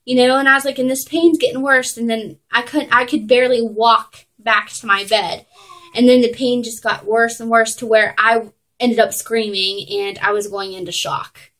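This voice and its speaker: Young mom vlogging at home, kinda high voice, lots of like and um. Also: female voice, fairly even intonation, a bit bright, poor audio. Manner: chatty, lots of "like" and "um", quick laughs. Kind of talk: casual storytelling to camera.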